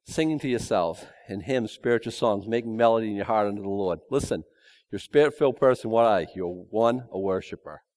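A man's voice: fairly low pitch, brisk, a little mellow. A man preaching a verse-by-verse sermon in a conversational way, with joking asides and emphatic repetition. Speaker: pastor. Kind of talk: expository sermon.

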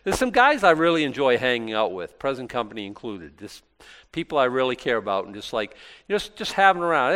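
A man's voice: mid-range voice, big pitch swings, brisk, a bit bright. A male pastor giving an informal Bible talk, chatty and self-deprecating, with many restarts. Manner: conversational, rambling with many restarts; self-deprecating and lightly joking.

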